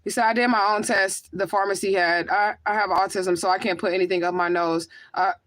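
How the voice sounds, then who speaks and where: Woman on a livestream reading out chat comments, emphatic, keeps asking y'all okay, mid pitch. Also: steady tone, brisk, fairly bright tone. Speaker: livestream host and spiritual medium.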